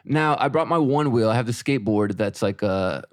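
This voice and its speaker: A man's voice: mid-range voice, lively intonation, a little fast, no room sound, studio quality. A middle-aged man co-hosting a podcast, telling a story in casual chat and quoting himself and his wife. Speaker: podcast co-host.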